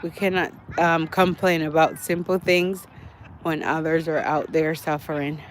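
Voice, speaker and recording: A man's voice: on the high side, level tone, measured pace, a bit bright, slight background noise. A man, out of breath as he walks an outdoor track, chatting to his livestream viewers and repeating himself. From Jamaica. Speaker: livestream host. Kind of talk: casual walking livestream. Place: outdoor walking track near woods at dusk.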